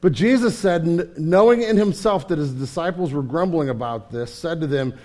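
A man preaching a sermon in a candid, conversational way, often restarting his sentences and swinging from hushed and somber to loud and animated. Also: on the high side, moderate pace. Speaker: pastor.

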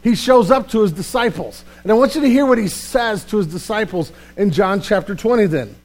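A man pastor preaching a sermon in a church, animated and emphatic, often repeating words as he builds a point. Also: high voice, brisk. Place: church sanctuary.

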